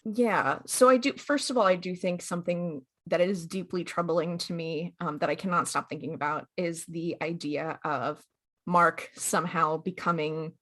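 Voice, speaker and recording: A woman's voice: fairly low pitch, steady tone, normal speed, fairly bright tone. A young woman co-hosting a podcast in casual chat, chatty with many fillers and acted-out quotes. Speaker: podcast co-host.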